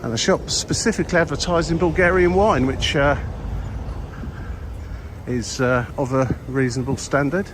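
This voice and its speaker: An older man with a husky voice from a cold, walking outdoors and commenting wryly on the sights, with many uhs. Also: fairly high pitch, steady tone, normal speed, noisy background. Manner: rambling, wry, many ums and uhs. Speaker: vlogger. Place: outdoors in an old town street.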